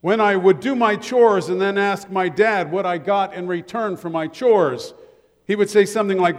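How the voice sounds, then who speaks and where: A man's voice: high-pitched, moderate pace. An older man preaching a sermon as pastor, telling humorous stories and joking with his congregation. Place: church sanctuary. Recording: long church reverb.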